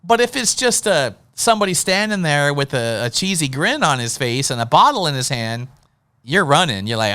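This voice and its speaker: A male interview host with a bright, crisp voice, recorded close and dry. He chats casually and tells animated stories, acting out little scenes as he talks. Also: a little high, normal speed, dry recording. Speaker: podcast host.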